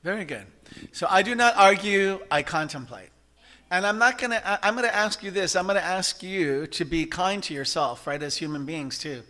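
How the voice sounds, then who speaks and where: Male church service leader, bright, a little high, animated and chatty with shouting bursts. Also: normal speed. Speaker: practitioner leading a service. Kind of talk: sermon. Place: church sanctuary.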